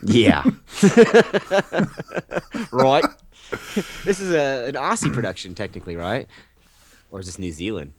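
Low-voiced guy cohosting a movie podcast, jokey and rambly, dry close mic. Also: lively intonation, moderate pace, pauses often, no echo. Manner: rambling, joking, sarcastic asides. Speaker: podcast co-host. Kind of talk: casual movie podcast chat.

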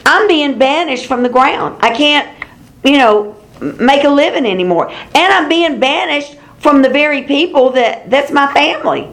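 Woman reading as a self-pitying complainer, whiny, pitched a bit high. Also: lively intonation, moderate pace, fairly bright tone. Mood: whining. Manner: complaining, sorry for himself. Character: whining self-pitying guilty man.

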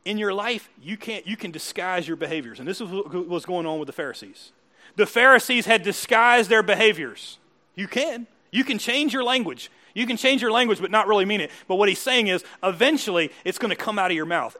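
High-voiced bright animated male preacher. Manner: conversational, animated, laughs often, acts out quotes. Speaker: pastor. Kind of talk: sermon.

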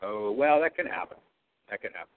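A man's voice: on the low side, expressive, fairly quick, a crowd in the background. A man hosting a casual interview, asking short, easygoing questions. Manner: brief, easygoing reactions and questions. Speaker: host. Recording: tinny phone-like line with faint noise.

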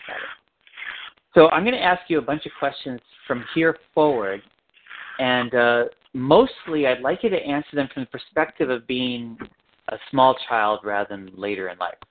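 A man leading an interview, asking calm and steady questions about family background. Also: medium pitch, moderate pace, slight background noise. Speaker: interviewer, counselor. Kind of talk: guided interview. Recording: tinny phone-like line.

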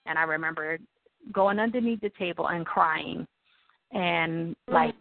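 Animated New woman telling her story. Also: on the low side, a little slow, gravelly, no echo. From New Orleans, USA. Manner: animated, acts out quoted people in raised voices. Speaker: interviewee. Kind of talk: personal storytelling in an interview. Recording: dry, tinny phone-like line.

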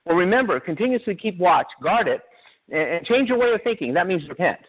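A man's voice: sits high, sing-song, brisk, husky. A male pastor, preaching to his congregation in a conversational way and throwing questions at them. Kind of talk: sermon. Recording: tinny phone-like sound.

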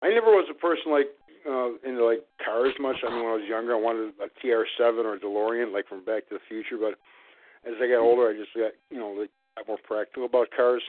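A man's voice: medium pitch, fairly even intonation, fast. A man on a casual talk show, going off on long rambling rants full of "like" and "you know.". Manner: rambling, ranting, lots of fillers. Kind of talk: casual phone-in chat. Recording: narrow phone line.

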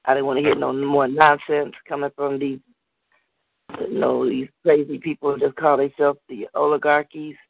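A woman's voice: low voice, level tone, normal speed, creaky, no room sound. A woman hosting a call-in poetry show and reading her poem bluntly and fiercely. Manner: blunt, fierce rhythmic recitation. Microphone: phone call. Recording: tinny phone line, dry.

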